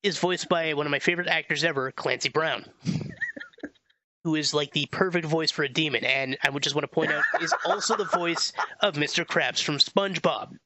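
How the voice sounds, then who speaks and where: A man's voice: a little high, normal speed, sharp tone, no room sound, muffled recording. A man co-hosting a podcast, chatting casually about a film, rambling a bit and laughing often. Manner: rambling, stumbles over names, laughs often. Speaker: podcast co-host. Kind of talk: casual movie review chat.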